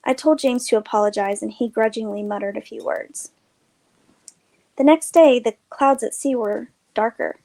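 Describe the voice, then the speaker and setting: Woman narrating a story, light voice. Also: fairly high pitch. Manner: measured, expressive reading. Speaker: storyteller, host.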